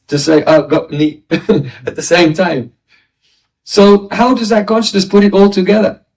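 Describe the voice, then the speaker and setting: A high-pitched man teaches philosophy at an unhurried pace, working through each point patiently and stopping to pose questions to his listeners. His voice sounds distant, picked up from well away from the microphone. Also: darkish tone. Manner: explanatory, asks rhetorical questions. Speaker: spiritual teacher. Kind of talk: philosophy lecture. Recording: voice distant from the mic.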